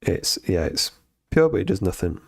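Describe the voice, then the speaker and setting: A man's voice: deep voice, very animated, moderate pace, gravelly, a little mellow, husky, dry recording. Man, live coding stream, reads lessons aloud, fillers and self-corrections, dry close sound. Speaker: streamer learning to code.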